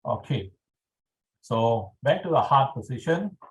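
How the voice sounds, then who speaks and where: A man leading a guided tapping exercise over a video call, speaking calmly and checking in often with his listeners. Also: medium pitch, low-quality recording. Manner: slow, calm instructional pacing with frequent "all right". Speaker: EFT tapping instructor.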